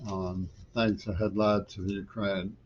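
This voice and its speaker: Middle-aged male poet for a home vlog; low-pitched, digressive and increasingly insistent, dull lo-fi sound. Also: level tone, a little slow, a little hiss or hum. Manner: digressive, loose trains of thought that grow insistent. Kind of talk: rambling political monologue.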